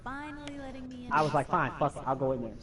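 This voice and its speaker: A man's voice: a little high, normal speed, far from the mic, a crowd in the background. A young man casually telling profane stories over gameplay, acting out his friends and family. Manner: animated, profane, acts out quoted friends and family. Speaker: streamer telling stories while playing.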